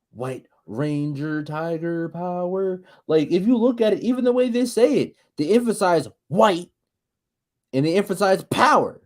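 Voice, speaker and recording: A man co-hosting a casual podcast, rambling and profane, stumbling over repeated restarts as he rants. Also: high-pitched. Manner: animated, ranting. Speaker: podcast co-host.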